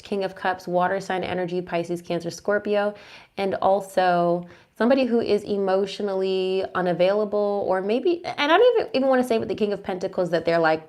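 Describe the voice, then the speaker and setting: A young adult woman giving a casual, reassuring tarot reading who murmurs her questions to the cards. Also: mid-range voice. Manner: chatty, reassuring, asks the cards aloud in a murmur. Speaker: tarot reader.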